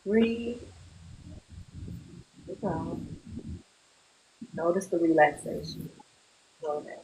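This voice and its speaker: Woman therapist, slow unhurried delivery, calm guided relaxation instructions, group session over a video call. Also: fairly low pitch, slight background noise, rough recording.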